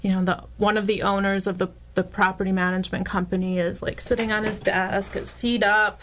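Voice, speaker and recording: Woman, radio interview guest, storytelling, animated, acts out quoted dialogue, casual speech, middle pitch. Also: a little fast, slight background noise. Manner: self-described hothead, casual with many "like"s. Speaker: guest, local realtor. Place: radio studio.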